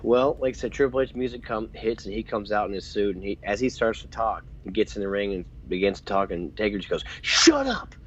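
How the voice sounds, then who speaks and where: A man with a very low voice co-hosts a casual chat show, retelling scenes with animated energy and slipping into quotes. The recording is dull and lo-fi. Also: quick pace, hardly any pauses, a little hiss or hum. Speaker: podcast co-host. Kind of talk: casual chat recapping wrestling.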